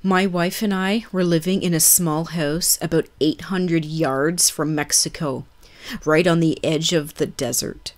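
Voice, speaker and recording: A woman narrating scary stories in a calm, measured reading. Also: deep voice.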